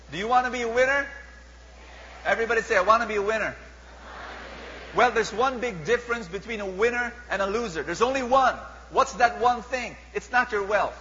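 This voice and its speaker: A man with a Filipino accent preaches a sermon in a bright, forward voice that sits slightly high for a man. He is animated and keeps putting rhetorical questions to the crowd. The sound is dull and lo-fi, with a long hall reverb and a faint hum. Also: normal speed.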